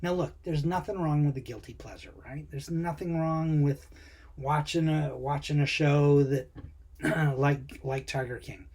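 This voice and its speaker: A man's voice: fairly high pitch, a little slow, darkish tone, slightly rough. A man who coaches people on finding their purpose, talking casually and conversationally to the camera and asking the viewer questions. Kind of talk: casual motivational talk to camera.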